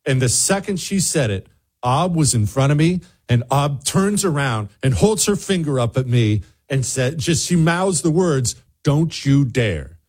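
A man hosting a talk show who tells a digressive travel anecdote to his co-host in a lively way. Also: a little high, normal speed, slightly rough. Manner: animated, digressive storyteller.

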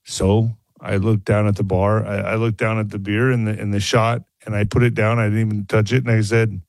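A man, a former boxer, guest on a radio interview, telling a personal story in a halting way with many restarts. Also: fairly low pitch, little pitch movement, gravelly, darkish tone, no room sound. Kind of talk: candid phone-in interview.

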